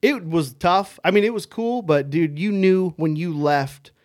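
A man's voice: sits high, a little slow, no echo, clean studio sound. A man telling stories from his past as a podcast guest, candid and self-deprecating, dropping "man" and "dude" into his sentences. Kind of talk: casual podcast storytelling.

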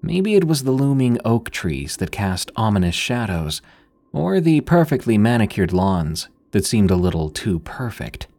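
Deep husky man narrating horror. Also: big pitch swings, darkish tone. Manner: measured, suspenseful storytelling.

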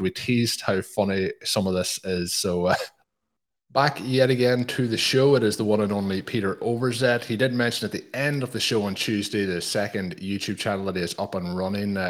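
Chatty male podcast host. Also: fairly low pitch. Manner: chatty, plugging with many fillers. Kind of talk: casual podcast chat.

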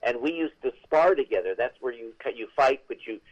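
An older man, a veteran actor, telling stories as an interview guest in a chatty, animated way with many restarts. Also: mid-range voice, brisk, dull audio. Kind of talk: interview storytelling.

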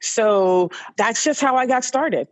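A middle-aged woman from New York, a podcast guest recounting her life in an animated way and repeating words for emphasis. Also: fairly high pitch, takes it slowly, no echo. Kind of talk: personal storytelling in conversation.

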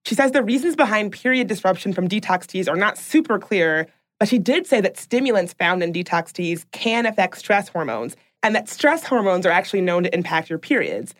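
A woman's voice: medium pitch, lively intonation, a little fast, hardly any pauses. A woman co-hosting a podcast in casual chat, reading out facts and growing emphatic and indignant. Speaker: podcast co-host.

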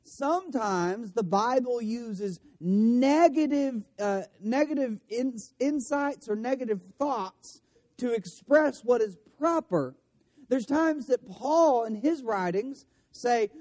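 Pastor, male, high voice with a warm, mellow tone; casual sermon delivery, restarts his phrases, light humor. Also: animated, slow. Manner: casual, self-correcting, with joking asides. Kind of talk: conversational sermon.

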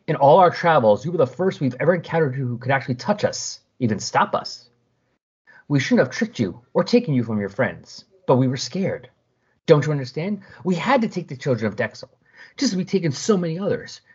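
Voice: mid-range voice, very animated, brisk, a little mellow, husky. A podcaster voicing a frightened male phantom who pleads and apologizes, through a dull lo-fi recording. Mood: pleading.

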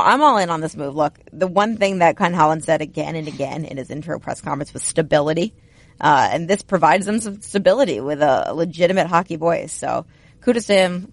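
A woman's voice: sits low, dry recording. A woman co-hosting a podcast, speaking in a frank, earnest way. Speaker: podcast co-host.

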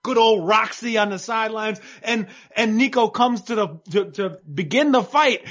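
A man's voice: high voice, moderate pace, a bit bright. A man co-hosting a boxing podcast, rambling and joking in casual chat. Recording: dull lo-fi sound.

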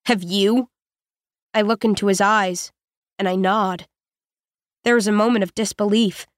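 A woman narrating an audiobook in the first person, in a measured, even voice with short, plain sentences. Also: medium pitch, dry recording, clean studio sound.

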